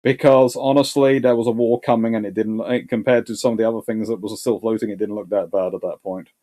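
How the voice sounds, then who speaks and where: A man's voice: fairly low pitch, fairly even intonation, fast, dark tone. A male history host answering viewer questions live, thinking aloud with restarts and repeated words. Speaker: naval history channel host.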